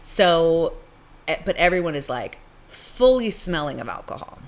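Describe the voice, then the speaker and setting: A woman co-hosting a podcast, telling a story in a casual, animated way and acting out the people in it. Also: low voice, a little slow. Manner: animated, acts out voices in her stories. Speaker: podcast co-host.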